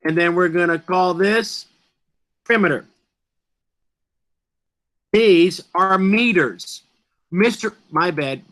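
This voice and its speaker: High-voiced man teaching slowly. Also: fairly bright tone. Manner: emphatic, asks students questions. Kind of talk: online class lecture.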